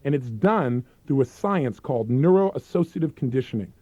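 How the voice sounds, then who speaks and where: A man presenting a self-help program in an emphatic, persuasive infomercial sales pitch. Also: expressive, moderate pace, dark tone, dry recording. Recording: dull, dry lo-fi recording.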